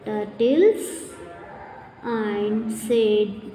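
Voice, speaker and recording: A woman teaching English to schoolchildren in an Indian accent, speaking slowly and repeating words and phrases for the class. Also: mid-range voice, dark tone, faint music behind. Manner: slow, repetitive, addresses children, drills words aloud. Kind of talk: classroom lesson recording. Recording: echoey room, noisy class behind.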